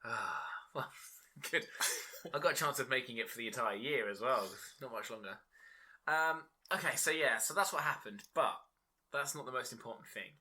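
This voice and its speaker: Bright, husky man, sweary and laughing. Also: mid-range voice, normal speed. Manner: sweary, laughing, animated banter. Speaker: podcast co-host. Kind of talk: casual podcast chat.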